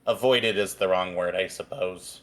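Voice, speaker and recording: A man playing in a tabletop game, giving dry, deadpan replies. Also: deep voice, moderate pace. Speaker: player. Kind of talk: casual tabletop play.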